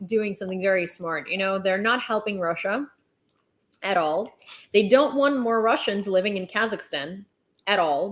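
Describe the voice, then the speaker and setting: A young woman streaming casual news commentary, her voice in an ordinary middle register. She talks in a chatty, offhand way and drifts into sarcasm, stopping to restart her sentences and filling gaps with ums and likes. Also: mid-range voice.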